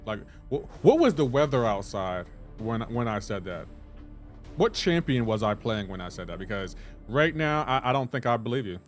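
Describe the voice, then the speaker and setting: A man's voice: medium pitch, big pitch swings, normal speed, faint music behind. A man streaming a game live, chatting casually and playfully indignant as he banters with his chat.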